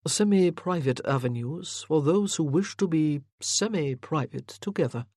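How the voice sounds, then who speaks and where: A suave nobleman with a mocking charm, as an audiobook reader puts him on, a worldly rake who plays his words slowly and teasingly. The voice sits in a middle register and sounds dry and close. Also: medium pitch, lively intonation, a little mellow, dry recording. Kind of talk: audiobook character reading.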